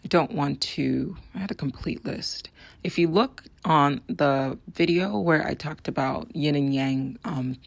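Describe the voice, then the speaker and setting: A woman hosting a solo podcast, talking in an earnest, persuasive way with a raspy, hoarse voice. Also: deep voice, measured pace, dry recording. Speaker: podcast host.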